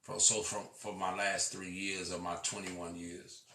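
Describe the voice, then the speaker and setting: A man delivering an impassioned, profane monologue that swings between shouting and quiet, restarting words as he goes. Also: sits low, little pitch movement, a little slow, a little hiss or hum. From Illinois. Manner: profane, repeats himself. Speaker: storyteller. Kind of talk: preaching monologue. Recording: echoey room, far from mic.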